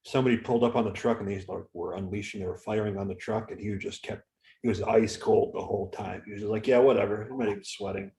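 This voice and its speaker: A man's voice: lowish voice, steady tone, fast talker, mellow. A man co-hosting a casual podcast, telling stories in a joking way. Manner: joking storyteller. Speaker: podcast co-host. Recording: roomy echo.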